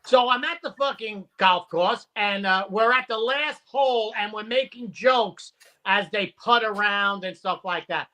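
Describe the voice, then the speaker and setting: A man, a comedian, telling animated, profane stories in casual chat and acting out the people in them. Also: sits high, unhurried.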